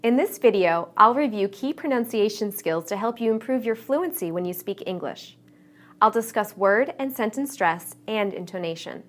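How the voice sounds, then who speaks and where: A woman teaching English pronunciation in a clear, measured, encouraging scripted narration. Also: mid-range voice, lively intonation.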